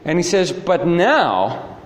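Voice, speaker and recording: A man's voice: on the high side, sing-song, slow pace. A man preaching a sermon, telling stories with animation and asking the listeners rhetorical questions. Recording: echoey hall with faint ambience.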